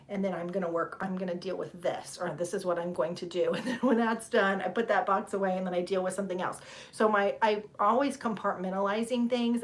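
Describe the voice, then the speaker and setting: A middle-aged woman, chatting casually with viewers on a livestream, rambling and laughing. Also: medium pitch. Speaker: livestream host. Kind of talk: casual chat with live viewers.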